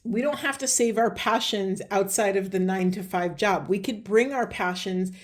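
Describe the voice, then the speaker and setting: A woman giving a spiritual card reading, talking in a meandering way and searching for words, with her voice going a little hoarse. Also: mid-range voice, moderate pace. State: voice getting hoarse. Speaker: tarot reader.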